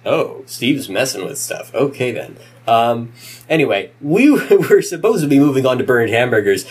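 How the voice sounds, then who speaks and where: A man's voice: medium pitch, sing-song, normal speed, a little hiss or hum. Playful male podcast host. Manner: playful, jokey, self-deprecating. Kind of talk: casual podcast chat.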